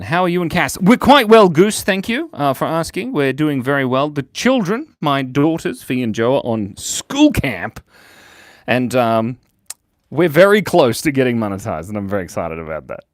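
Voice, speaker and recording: A man's voice: mid-range voice, big pitch swings, a little slow, dry recording, studio quality. An Australian man hosting a live drawing stream, chatting casually and joking as he reads out viewer comments. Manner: playful and jokey, reading out viewer chat.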